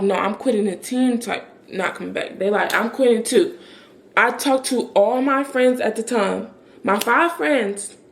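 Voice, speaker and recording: A young woman vlogger telling a story in a casual, animated way, with lots of fillers and quoted back-and-forth. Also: medium pitch, creaky. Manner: chatty, animated retelling with many fillers and quoted dialogue.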